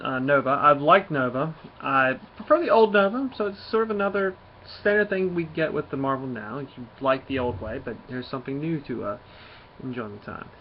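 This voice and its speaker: Rambling man retelling a comic. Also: a little high. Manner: rambling, filler-heavy retelling. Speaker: comic book reviewer. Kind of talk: casual review vlog. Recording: dull lo-fi audio with faint noise.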